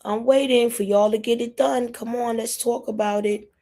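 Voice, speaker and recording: A woman from New York hosting a casual live stream, talking straight to her viewers in a lively way. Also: fairly high pitch, moderate pace. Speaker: livestream host. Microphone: phone or computer mic.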